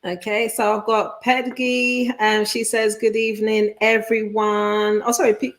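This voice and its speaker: A pastor's wife from the United Kingdom co-hosts a live church talk show, her voice on the high side with little pitch movement and a slightly slow pace. She cheerfully reads out viewer messages and laughs often.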